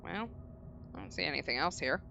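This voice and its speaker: A woman streamer reading a game's story aloud, lively and laughing often between lines. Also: deep voice, brisk, creaky, dull audio, noisy background. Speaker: game streamer.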